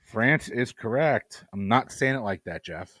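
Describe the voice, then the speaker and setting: A man in a middle pitch reads trivia questions and confirms answers. His humor is dry and teasing. The recording is dry and close, with no room echo. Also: animated, a little slow, fairly bright tone. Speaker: trivia quizmaster. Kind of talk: reading trivia questions, joking.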